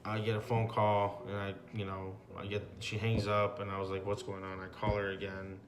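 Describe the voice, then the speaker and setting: A young man in his twenties, a graduate student telling his personal story in an interview, speaking haltingly with many pauses and fillers. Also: fairly low pitch, monotone, slight background noise. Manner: halting, reflective, with frequent ums and likes.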